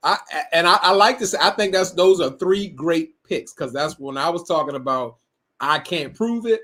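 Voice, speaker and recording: A young man co-hosts a casual live-stream recap in a laid-back way. He reads viewer comments aloud and laughs often. His voice sits a little higher than most men's. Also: normal speed, bright, forceful tone. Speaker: co-host reading viewer comments.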